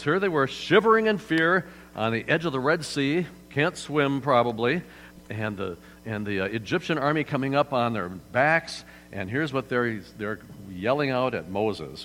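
In a church hall, a pastor with a lowish, slightly bright voice preaches conversationally, frequently turning to the congregation with questions. The audio carries hall reverb over a faint mains hum.

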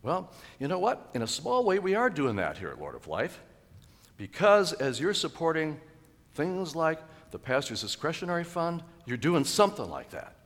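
Man, pastor, sermon, lively pitch, long church echo. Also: moderate pace. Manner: animated, with sudden loud exclaimed quotes and chuckles. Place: church sanctuary.

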